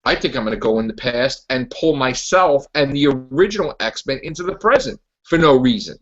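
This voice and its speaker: A man doing a deadpan blasé scientist. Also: mid-range voice, normal speed, close to an everyday voice. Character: offhand male mutant scientist, rash schemer. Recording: lo-fi, muffled.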